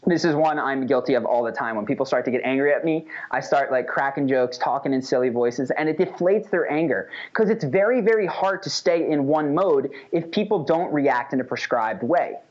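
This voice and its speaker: A man delivers a casual lesson, animated and conversational, often tossing in "right?". His pitch sits in the middle, and the recording sounds dull and lo-fi. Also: fairly quick, few pauses. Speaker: instructor.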